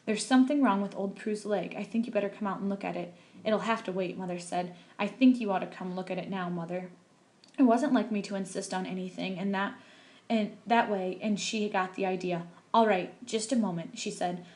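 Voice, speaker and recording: A woman's voice: medium pitch, a little mellow. Woman reader, casual read-aloud of a chapter, everyday delivery with occasional stumbles and self-corrections. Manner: plain unpolished reading with small slips and restarts. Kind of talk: reading a novel aloud.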